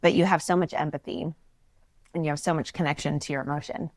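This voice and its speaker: A woman's voice: sits low, fairly even intonation, quick pace, no room sound, clean studio sound. A woman in a casual podcast conversation, bubbly and chatty, laughing often and trailing off into fillers.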